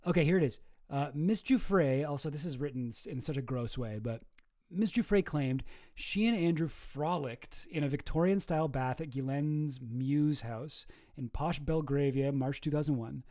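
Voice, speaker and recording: Male streamer, casual commentary, sarcastic, rambling, fairly high voice, mellow tone. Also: moderate pace. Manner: rambling, sarcastic, self-correcting. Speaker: streamer, host.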